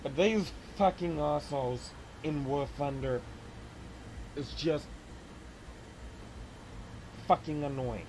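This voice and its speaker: A man's voice: fairly high pitch, slow, pauses often, darkish tone, slight background noise. Angry swearing male game streamer. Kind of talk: live-stream gameplay rant.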